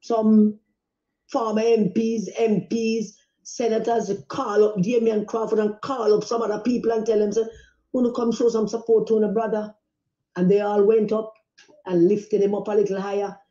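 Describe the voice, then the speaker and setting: A woman's voice: mid-range voice, little pitch movement, moderate pace, mellow, reverberant, muffled recording. An angry, agitated woman with a Jamaican accent, speaking out in a heated phone voice note. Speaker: politician in a voice note.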